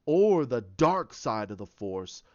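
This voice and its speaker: A man voicing a scheming ancient male dark lord who lectures in a slow, deep, commanding way. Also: sing-song, no echo, lo-fi sound. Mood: menacing.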